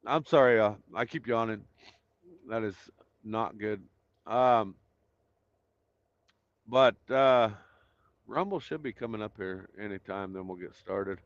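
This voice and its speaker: A man's voice: fairly low pitch, takes it slowly, pauses often, no echo, dull audio. Man greeting live stream viewers. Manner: greets viewers by name, rambling with fillers. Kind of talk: casual chat reading viewer comments.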